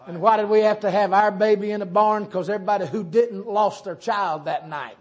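High-voiced Southern preacher man, folksy. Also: fairly quick, highs cut off. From Southern United States. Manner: folksy, joking, animated preaching. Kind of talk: sermon.

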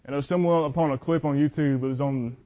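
A man preaching at a youth meeting, reading scripture slowly and earnestly, sometimes tripping over his words. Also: a little high, steady tone, dark tone. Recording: muffled lo-fi audio.

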